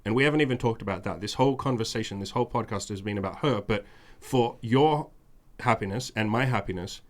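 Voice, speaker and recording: A man's voice: fairly low pitch, quick pace. A man hosting a podcast in casual chat, speaking bluntly with profanity and emphatic repetition. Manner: mimics whiny demands in a raised voice. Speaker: podcast host.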